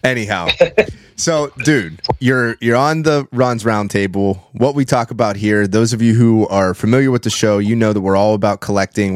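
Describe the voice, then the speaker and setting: A man hosting a podcast in casual chat, laid-back with drawn-out fillers. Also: on the low side, no echo, studio quality. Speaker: podcast host.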